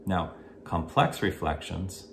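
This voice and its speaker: A man giving an instructional talk on listening skills to parents, in a measured, explanatory way. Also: low voice, expressive, gravelly. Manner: measured, explanatory, gives spoken examples. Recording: echoey room with faint hiss.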